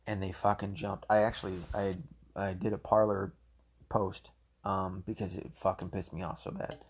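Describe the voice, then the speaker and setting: A man's voice: deep voice, flat delivery, normal speed, breathy edge. A man giving a heated, rambling solo commentary, full of swearing. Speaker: political commentator.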